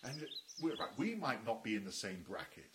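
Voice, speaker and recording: A man's voice: on the low side, big pitch swings, moderate pace, background noise. A man playing a posh, snobbish rich young man, talking in a plummy, flustered, indignant way.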